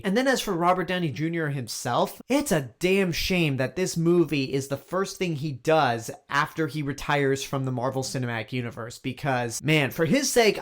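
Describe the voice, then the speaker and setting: A man giving an opinionated movie review in a blunt, exasperated manner, leaning on emphatic repetition. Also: mid-range voice. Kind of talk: opinionated film review monologue.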